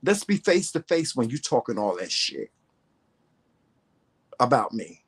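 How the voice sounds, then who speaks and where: A man's voice: mid-range voice, wildly swooping pitch, measured pace, long pauses, slightly rough. A man vlogging to camera, telling a story in a profane, confrontational rant full of emphatic repetition.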